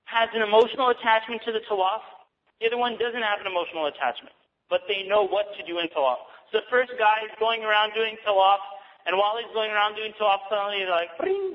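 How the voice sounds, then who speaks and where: Man, high voice, casual religious talk, laughs often, acts out scenes, dull sound. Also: fairly even intonation, quick pace. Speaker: Islamic teacher. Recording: dull sound, long hall reverb.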